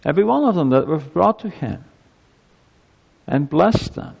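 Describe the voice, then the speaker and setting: A man's voice: on the high side, very animated, moderate pace, gravelly, breathy edge, dull audio. A male pastor giving a sermon in a church, earnest and emphatic, his voice climbing as he presses his points. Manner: earnest, emphatic preaching with rising intensity. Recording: long reverb of a church hall.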